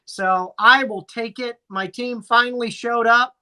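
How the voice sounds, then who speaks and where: Dude reading fantasy matchups like a mock announcer, slow and teasing, bright voice. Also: male voice, extremely high pitch, fairly even intonation, clean tone. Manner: dry, teasing, announcer-like recaps. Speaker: podcast co-host. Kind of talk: casual fantasy sports chat.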